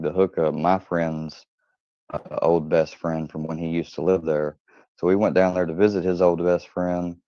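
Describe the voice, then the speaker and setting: Deep-voiced man telling rambling stories. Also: warm tone, no room sound. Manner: rambling, profane, laughs often. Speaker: channel host. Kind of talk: casual storytelling monologue. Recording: dull lo-fi dry recording.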